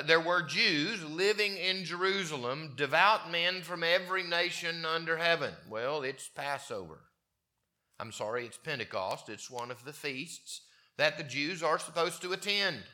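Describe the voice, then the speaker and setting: A man's voice: a little high, pushed and bright. A man preaching a sermon, reading scripture aloud and explaining it conversationally. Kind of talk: sermon, Bible exposition.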